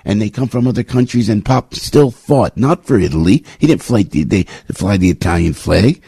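Low husky older New man. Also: animated, normal speed, hardly any pauses, warm tone, no echo. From New Jersey. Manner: rambling, emphatic storytelling that climbs high when worked up. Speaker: radio talk show host. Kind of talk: morning talk radio monologue. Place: radio studio.

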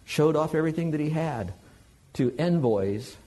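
A man preaching a sermon in a conversational, animated way, joking with the congregation. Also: on the high side, normal speed.

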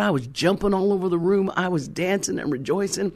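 A woman preacher telling a testimony in a dramatic, animated way, acting out dialogue and breaking into fervent prayer. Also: fairly low pitch, quick pace, few pauses. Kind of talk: testimony sermon storytelling.

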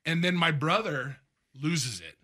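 A man's voice: on the high side, lively intonation, unhurried, sharp tone. A man on a sports radio show, animatedly telling a long personal story in a studio and acting out the quotes. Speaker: radio host.

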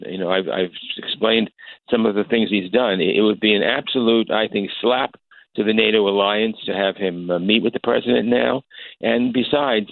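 Gravelly older man on a phone line. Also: fairly low pitch, no echo. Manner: halting, many fillers and restarts. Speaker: congressman guest. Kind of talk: phone interview.

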